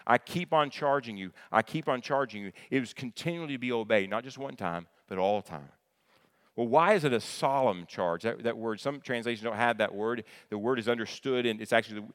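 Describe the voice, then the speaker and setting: A man, a pastor, preaching a sermon with lively questions to the congregation, often repeating words and restarting phrases. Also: mid-range voice. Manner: animated preacher, asks the congregation questions and answers them. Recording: long hall reverb.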